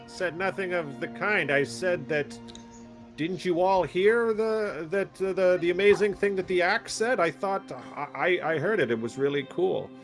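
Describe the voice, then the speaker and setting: A man's voice: high voice, moderate pace, faint music behind. A man playing a tabletop role-play character, talking in a bumbling, stammering, earnest way. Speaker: player.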